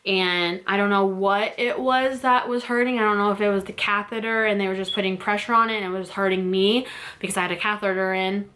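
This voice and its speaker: A woman's voice: mid-range voice, steady tone, fairly quick, bright, forceful tone. A young woman vlogger telling a personal story in a casual, rambling way with many fillers and restarts, close to tears. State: teary, close to crying.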